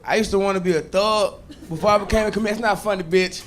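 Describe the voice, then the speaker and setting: A man doing a stand-up set on stage, telling stories loudly and animatedly and shouting out other people's lines. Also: high-pitched, fast talker. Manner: loud, animated storytelling that jumps into shouted voices. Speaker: stand-up comedian. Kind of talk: stand-up set before a live audience. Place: comedy stage with a laughing crowd. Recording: live stage clip with loud crowd noise.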